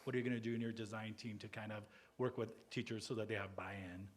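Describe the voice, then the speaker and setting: A man's voice: lowish voice, steady tone, quick pace, noisy background. A man moderating a panel at a school board meeting. He asks questions in an encouraging way. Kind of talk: meeting discussion.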